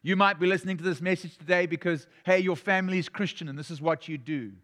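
High-voiced South African pastor preaching. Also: male voice, fairly even intonation, fast talker, a bit bright. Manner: conversational preaching with frequent restarts and anecdotes. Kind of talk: sermon.

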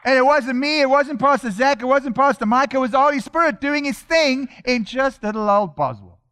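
Man preacher with a high voice, delivering an emphatic church sermon that builds through repetition. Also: expressive, moderate pace, a bit bright, clean tone.

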